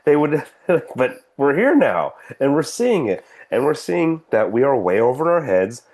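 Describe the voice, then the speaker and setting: A man's voice: mid-range voice, big pitch swings, measured pace, a little mellow. A man co-hosting a casual podcast, ranting sarcastically and swearing freely. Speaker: podcast co-host. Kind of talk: casual political podcast chat.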